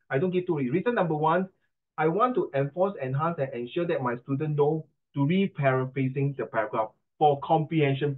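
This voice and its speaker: Give me a joking Singaporean male tutor teaching online, over a tinny phone line. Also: fairly high pitch. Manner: playful, joking, rhyming wordplay. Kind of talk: online class lecture.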